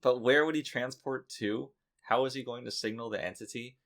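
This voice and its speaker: A man's voice: mid-range voice, a little fast, fairly bright tone. A man co-hosting a comedic podcast in casual chat, dry and exasperated, with profane asides. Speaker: podcast co-host.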